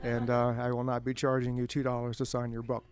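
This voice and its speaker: A middle-aged man, an author, telling self-deprecating anecdotes to an audience at a bookstore event in a relaxed, humorous way. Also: medium pitch, fairly quick, clean tone. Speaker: author speaking at a book event. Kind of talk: humorous storytelling talk to an audience.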